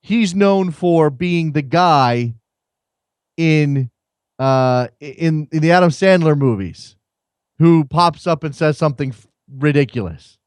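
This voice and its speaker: Male call-in host, wry and rambling, slightly high voice, dry studio sound. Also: expressive, slow pace, smooth, no room sound. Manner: wry and rambling, often repeats words. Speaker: host of a soccer call-in show. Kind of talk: casual chat.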